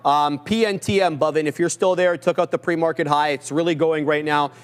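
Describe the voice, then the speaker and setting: A man's voice: fairly high pitch, fairly even intonation, smooth, big-room sound. A man hosting a casual live trading stream, reading market headlines and bantering with co-hosts. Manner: brisk, reads headlines aloud, jokes with co-hosts. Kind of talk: casual market news chat.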